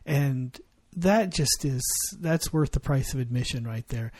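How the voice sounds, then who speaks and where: Husky-voiced man talking earnestly. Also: medium pitch, a little slow, darkish tone, dry recording. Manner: earnest, reflective. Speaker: podcast co-host. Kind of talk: casual chat.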